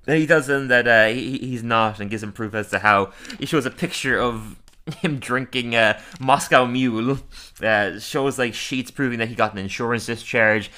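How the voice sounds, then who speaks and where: A man hosting a podcast, recapping a cartoon episode in casual chat, animated and laughing often. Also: medium pitch, normal speed, clear, resonant tone. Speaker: podcast host.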